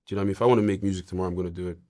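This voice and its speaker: A young man from Ireland, a guest in a casual interview, talking in a relaxed, rambling way with many fillers. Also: low-pitched, very fast.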